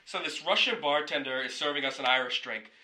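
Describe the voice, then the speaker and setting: Male podcast host, very bright timbre, loose rambling storyteller who swears casually. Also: a little high, a little fast, rough recording.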